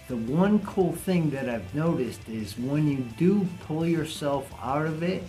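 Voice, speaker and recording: A man's voice: mid-range voice, a little mellow. A man talking bluntly and casually to camera in a vlog, cursing now and then. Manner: blunt, plainspoken, swears casually. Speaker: vlogger.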